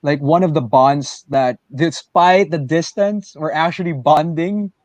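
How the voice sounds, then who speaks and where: A man who is a pro wrestler, co-hosting a casual livestream chat over a video call, excitable and animated. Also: a little high, measured pace, no echo. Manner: excitable, animated, jumps between loud and soft.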